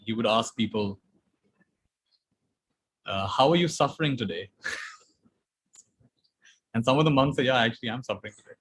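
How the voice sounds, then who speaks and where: A man giving a calm spiritual talk, repeating phrases gently and sometimes laughing softly. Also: mid-range voice, slightly rough, rough recording. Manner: calm, repetitive, gently emphatic, soft laughs. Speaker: spiritual teacher. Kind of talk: talk to an online audience.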